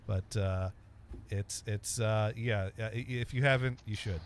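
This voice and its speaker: A man's voice: lowish voice, steady tone, measured pace. A man hosting a casual podcast chat, rambling and stammering with lots of ums and uhs. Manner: rambling, stammering with many fillers. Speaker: podcast host.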